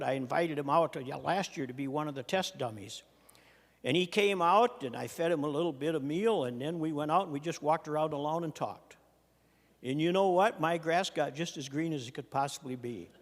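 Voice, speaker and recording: An older man from Minnesota, a retiring state senator, giving a farewell floor speech with folksy storytelling and dry humor. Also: on the high side. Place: legislative chamber. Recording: long reverb of a large chamber.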